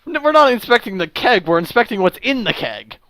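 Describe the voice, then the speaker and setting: A man's voice: high voice, sing-song, brisk, sharp tone, no room sound, pitched above the performer's own voice, exaggerated voice. A man doing a sly haggling tavern keeper. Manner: bargaining, wheedling and sly. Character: shifty male tavern keeper haggling over ale.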